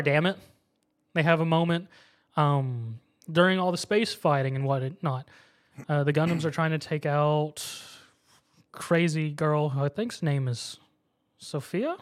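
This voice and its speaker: A man's voice: fairly high pitch, a little slow. A man casually recapping an anime episode, acting out the characters' lines as he goes. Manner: animated storytelling, acts out characters' lines. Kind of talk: casual chat.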